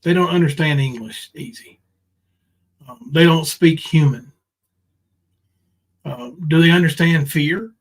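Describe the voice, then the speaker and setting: A man's voice: fairly high pitch, measured pace, long pauses, rough recording. A man ranting on a livestream, confrontational and profane, full of ums and restarts. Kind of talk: casual livestream rant.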